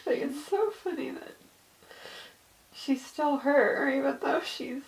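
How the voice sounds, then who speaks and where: A woman client speaking quietly and with emotion, in short replies. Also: high-pitched, slow pace, echoey room, distant mic, rough recording.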